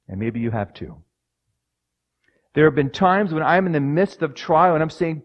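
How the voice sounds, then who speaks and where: A man preaching a sermon, moving from quiet personal storytelling to loud, dramatic scripture readings. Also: a little high, expressive, moderate pace, long pauses.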